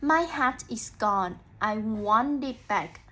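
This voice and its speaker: A woman's voice: a little high, lively intonation, sharp tone, slight background noise, full character voice. A woman voicing a worried, sad male bear searching for his lost hat in a picture-book read-aloud. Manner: slow, plaintive.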